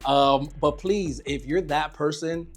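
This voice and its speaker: Blunt husky man ranting. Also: a little high, slow pace. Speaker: podcast co-host. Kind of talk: casual group chat.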